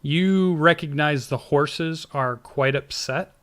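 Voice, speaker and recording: A man's voice: fairly high pitch, takes it slowly, a bit bright. A man running a tabletop game session as game master, narrating in an easygoing way with frequent filler hesitations.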